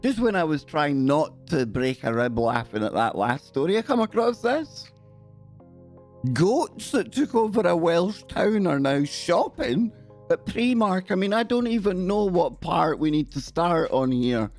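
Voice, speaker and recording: A man's voice: sits high, sing-song, unhurried, a little mellow, faint music behind. Cheeky man joking through the news. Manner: cheeky, joking, often laughing. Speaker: live stream host. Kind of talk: comic news chat on a live stream.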